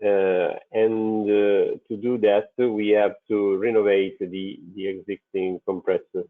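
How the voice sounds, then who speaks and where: Halting, male presenter, low voice, slow delivery, tinny video-call audio. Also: level tone. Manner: halting, many fillers and restarts. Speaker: transit company presenter. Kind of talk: webinar presentation. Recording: phone-like narrow sound.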